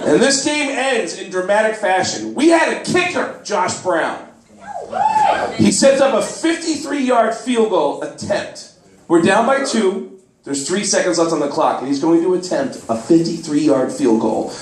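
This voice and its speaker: A man telling a stand-up comedy story on a club stage, animated, bursting into loud high shouts as he acts out people. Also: a little slow. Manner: animated, swings into loud high shouts when acting out characters. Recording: roomy club sound from a distance, faint noise.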